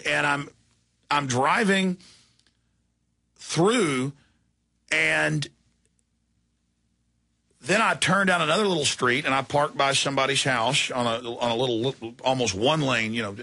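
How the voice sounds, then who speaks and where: Gravelly, heated talk radio host. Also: male voice, medium pitch, pushed and bright. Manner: rambling, heated, many restarts. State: exhausted after long broadcast. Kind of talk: impassioned talk radio storytelling.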